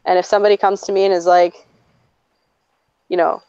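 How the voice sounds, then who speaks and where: A woman's voice: medium pitch, little pitch movement, moderate pace, long pauses, a little mellow, smooth, no echo. A woman in her twenties chatting casually and telling personal stories, blunt and profane, often laughing as she talks. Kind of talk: casual chat, personal storytelling. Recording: slightly dull, dry recording.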